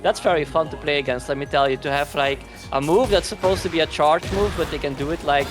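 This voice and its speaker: A man with a somewhat high voice talks through a fighting game tournament in a loose, rambling way. He is often sarcastic and laughs between points. Faint music plays underneath. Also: fairly even intonation, fast talker. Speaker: tournament commentator. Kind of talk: casual esports commentary.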